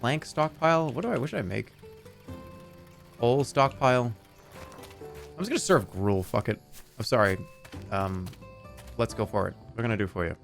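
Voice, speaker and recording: A man's voice: mid-range voice, moderate pace, vocal fry, long pauses, faint music behind. A middle-aged man streaming a game, joking and swearing casually as he plays. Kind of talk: casual gameplay commentary.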